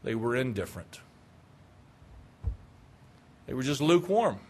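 A man's voice: mid-range voice, big pitch swings, a little slow, darkish tone, slightly rough. A man, a pastor, preaching a sermon in a conversational way, asking rhetorical questions and mimicking indifferent churchgoers.

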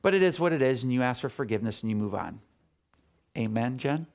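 A man's voice: mid-range voice, expressive, quick pace, gravelly, noisy background. A middle-aged man preaching a sermon as a pastor, talking casually and telling stories with acted-out quotes. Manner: conversational, storytelling with acted quotes.

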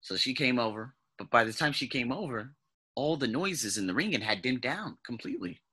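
A man with a piercing, tense and very bright voice and a husky edge tells a personal story to the camera. He speaks casually and with animation, swears freely, and now and then imitates sounds. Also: medium pitch, expressive, a little fast. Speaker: vlogger.

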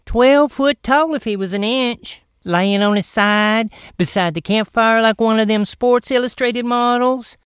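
A woman spins a folksy comic yarn, stretching out the dramatic beats. Her voice is smooth and clear. It sounds dry, with no room echo. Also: a little high, a little slow, hardly any pauses. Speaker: comic storyteller. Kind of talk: folksy comedic storytelling.

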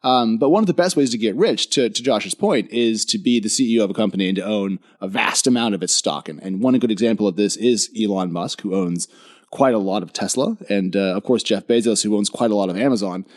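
A man's voice: fairly low pitch, brisk. Sleepy-voiced man explaining casually. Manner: thoughtful, explains at length with frequent ums and restarts. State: sleepy morning voice. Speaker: podcast guest.

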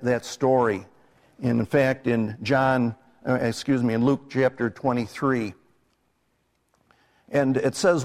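A middle-aged man, a minister, preaching a live sermon in a church in a conversational way, putting questions to his congregation. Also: on the high side. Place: church sanctuary. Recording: live church recording with long hall reverb.

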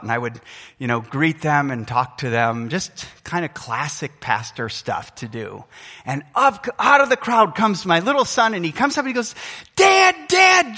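In a church sanctuary with long hall reverb, a middle-aged pastor preaches a sermon. His voice is mid-range with a sharp tone, and his earnest, emphatic delivery rises and falls.

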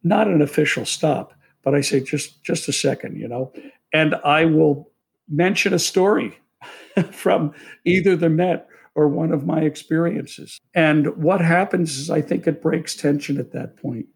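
A man's voice: on the high side, unhurried, creaky, slightly rough. A man who conducts orchestras, telling stories from rehearsals in an anecdotal way and laughing easily. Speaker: orchestra conductor, interview guest. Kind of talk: storytelling interview.

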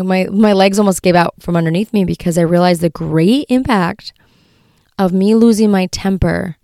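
A young woman speaks as a mother in an earnest, halting way, often repeating words as she gathers her thoughts. Her voice sits low and carries a gravelly fry. The sound is dry and close, with no room around it. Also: a little mellow, no room sound. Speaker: mother sharing faith reflections. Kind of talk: personal faith reflection with scripture reading.

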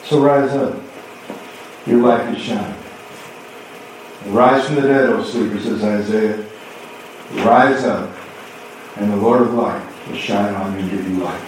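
A man preaching a sermon as pastor, telling a story and acting out both sides of a conversation with lively swings in voice. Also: lowish voice, unhurried, long pauses, slight background noise. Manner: animated storytelling, acting out dialogue. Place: church sanctuary. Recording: echoey hall from far off.

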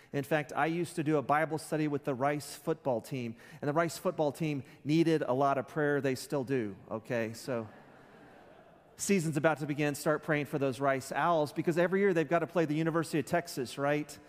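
A man preaching a sermon as pastor, conversational, with joking asides. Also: fairly high pitch. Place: church sanctuary. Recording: long reverb in a church hall.

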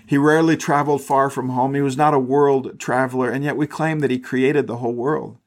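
A man reading Bible passages aloud and pausing to reflect on them in a conversational preaching style, sometimes repeating words as he goes. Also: mid-range voice, steady tone. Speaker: pastor. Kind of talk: scripture reading with sermon commentary. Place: podcast recording.

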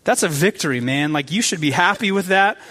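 A man's voice: high voice, expressive, fairly quick, bright, forceful tone. A man preaching a casual, conversational sermon with enthusiasm, full of fillers and repeated words.

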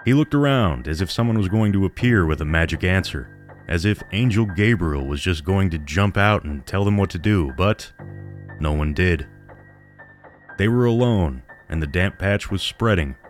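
Deep-voiced man narrating horror. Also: expressive, normal speed, soft background music.

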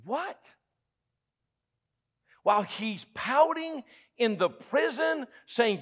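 A man with a Southern US accent preaching a sermon as pastor, emphatic and humorous, dropping from loud exclamations to hushed lines and asking the congregation questions. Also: extremely high pitch, animated, drawn-out words, pauses often. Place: church sanctuary.

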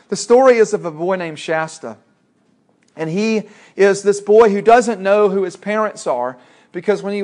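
Man, preacher, sermon, conversational, talks to listeners directly, fairly high voice.

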